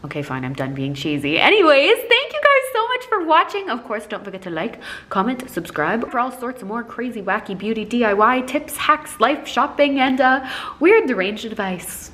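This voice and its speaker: Young woman vlogger, bubbly and self-mocking, with a lively, swooping voice. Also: sits high, normal speed, slight background noise. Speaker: beauty vlogger. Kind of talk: casual tutorial chat with voice-over. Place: outdoors outside her apartment.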